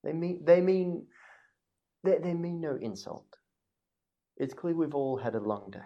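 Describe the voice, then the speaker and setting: A man's voice: on the high side, animated, a little slow, muffled recording, voice pushed up. A man voicing a weary, courteous travelling merchant who speaks formally and stumbles over his words. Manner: formal, stammering, apologetic.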